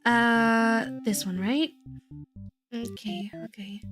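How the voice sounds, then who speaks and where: A woman streaming a story game, reacting out loud with lots of giggling and emotion. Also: sits high, slow pace, pauses often, music in the background.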